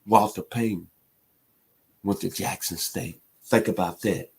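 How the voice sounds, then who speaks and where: A man's voice: low-pitched, fairly even intonation, a little slow, vocal fry, husky. A middle-aged man from Memphis, hosting a sports talk radio show in an impassioned, emphatic monologue. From Memphis, Tennessee. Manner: impassioned, emphatic, builds to loud peaks.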